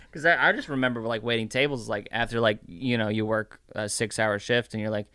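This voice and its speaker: A man co-hosting a podcast in casual chat, hoarse from yelling, rambling with lots of fillers. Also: medium pitch, moderate pace, dry recording. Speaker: podcast co-host.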